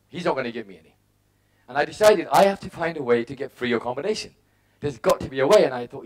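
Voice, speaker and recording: A man's voice: on the high side, lively intonation, fast talker. A middle-aged man giving a motivational talk, telling personal stories and acting out his own thoughts in short punchy bursts. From England. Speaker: motivational speaker.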